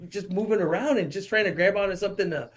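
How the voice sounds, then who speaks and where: A man in his forties talks as a guest on a casual show, his voice sitting a bit higher than most men's. He rambles through a story with restarts, swearing freely and tossing in "dude" at every turn. His tone stays loose and conversational. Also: quick pace. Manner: rambling, profane, says "dude" constantly.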